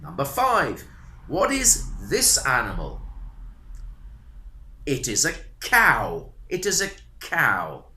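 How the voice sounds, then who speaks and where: A man teaching a beginner English lesson, taking his time and repeating each word. His pitch swings up and down with a lot of life, and his voice is bright. It is recorded in a roomy, echoey space. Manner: slow, repetitive teaching, animated intonation. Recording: roomy echo.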